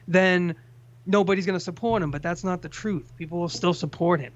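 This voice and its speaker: A man's voice: high voice, fairly quick. A man hosting a casual call-in chat, ranting with plenty of profanity. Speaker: host. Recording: dull lo-fi sound.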